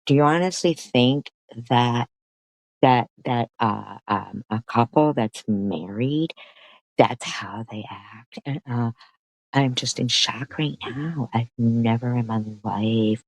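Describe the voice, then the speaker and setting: Slow, stammering outraged woman. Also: very deep voice, darkish tone, dry recording, low-quality recording. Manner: stammering, repeating herself, swearing in outrage. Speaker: commentary streamer. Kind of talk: reaction commentary.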